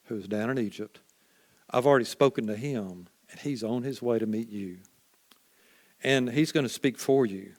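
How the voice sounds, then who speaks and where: A man preaching a sermon as a first-person story, folksy and conversational, often dropping to a quiet hush. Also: mid-range voice.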